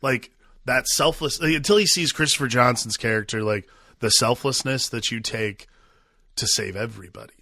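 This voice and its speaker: A man with a bright, forceful voice talks through ideas in a thoughtful, meandering way as a podcast co-host. The recording is close and dry. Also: medium pitch, normal speed, no echo. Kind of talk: casual film discussion.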